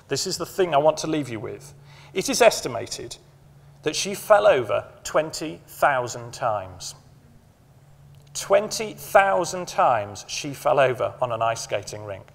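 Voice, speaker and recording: A man's voice: mid-range voice, vocal fry. Emphatic Englishman speaking in a reverberant hall. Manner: emphatic, repeats key phrases, slows for effect. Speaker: conference speaker. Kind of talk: motivational conference talk. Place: conference hall. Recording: long hall reverb from a conference room.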